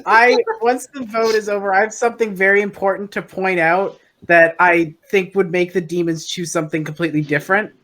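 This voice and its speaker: A woman's voice: medium pitch, fairly even intonation, brisk, few pauses, fairly bright tone. A woman playing in a live-streamed tabletop game, insistent and playful as she argues her point. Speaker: player.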